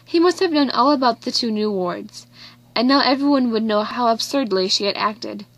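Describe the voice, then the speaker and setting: Woman audiobook narrator, steady expressive reading, slightly high. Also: moderate pace, no room sound. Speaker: audiobook reader. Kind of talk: scripted narration.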